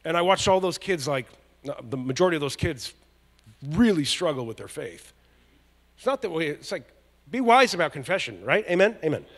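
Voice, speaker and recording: A male pastor preaching a conversational, joking sermon that builds to loud emphatic peaks. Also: fairly high pitch, very animated, moderate pace. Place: large church hall. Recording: long church hall reverb.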